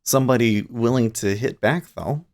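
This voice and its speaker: A man hosting a day trading livestream, casually thinking out loud in a relaxed, drowsy, rambling way. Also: medium pitch, normal speed, gravelly. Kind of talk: casual live market commentary. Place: home trading desk with large screens.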